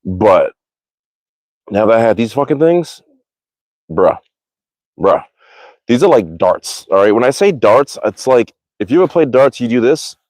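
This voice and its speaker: A man's voice: medium pitch, expressive, normal speed, a little mellow, dry recording. A man chatting casually on a live stream about archery, rambling, swearing freely and correcting himself mid-sentence, recorded in a backyard. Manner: rambling, profane, self-correcting. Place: backyard outdoors.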